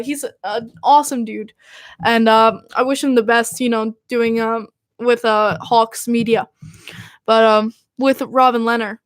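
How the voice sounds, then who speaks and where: A young woman hosting a podcast, talking in an excitable, gushing, filler-heavy way. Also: on the high side, no room sound, clean studio sound. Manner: gushing, excitable fan talk with many fillers. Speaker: podcast host. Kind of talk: casual chat.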